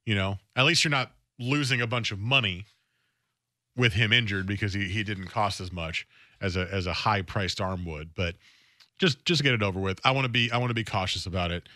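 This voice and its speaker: A man hosting a sports talk radio show, talking in a conversational, animated way and often restarting his phrases. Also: fairly low pitch, brisk, no echo, studio quality. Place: radio studio.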